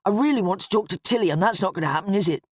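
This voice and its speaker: A woman's voice: medium pitch, very fast, dry recording, clean studio sound, natural voice. A woman voicing an earnest, uneasy young man who speaks hesitantly.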